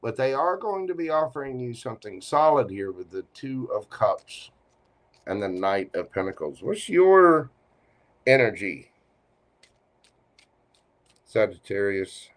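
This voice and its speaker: A man's voice: medium pitch, big pitch swings, unhurried, pauses often. A man giving a live tarot reading, teasing and playful as he talks straight to the listener. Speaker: tarot reader.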